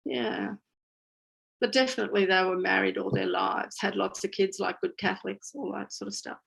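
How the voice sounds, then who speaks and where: A woman's voice: medium pitch, expressive, moderate pace, vocal fry, fairly bright tone, breathy edge, rough recording. A woman, a guest speaker telling her story in a candid, chatty way at a community talk. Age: 60s. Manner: candid, chatty, laughs easily.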